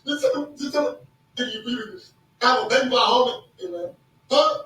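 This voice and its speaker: A man in a heated argument filmed on his phone, repeating himself in agitation and shouting accusations. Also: extremely high pitch, normal speed, heavy reverb, far from the mic, rough recording.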